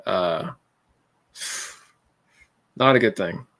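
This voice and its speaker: A man's voice: deep voice, very slow, fairly bright tone. A man hosting a casual livestream who rambles from one thought to the next, laughs often and calls his viewers man and dude. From California. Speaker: livestream host.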